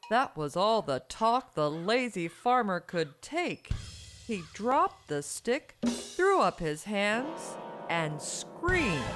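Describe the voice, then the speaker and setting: A woman storyteller narrating a folk tale for children in an expressive, sing-song way. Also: fairly low pitch. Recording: music bed behind.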